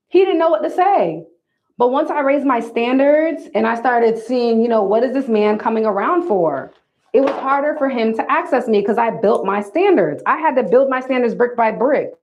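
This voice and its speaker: Woman livestream host, higher voice, emphatic and preachy, casual direct address, slightly muffled lo-fi audio. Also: animated, normal speed. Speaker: livestream host giving dating advice. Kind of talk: casual livestream talk to viewers.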